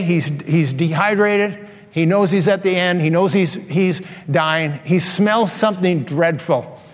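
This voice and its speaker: A man preaching a sermon to a congregation, speaking in a conversational way and putting questions to them directly. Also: high-pitched. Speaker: pastor. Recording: reverberant hall.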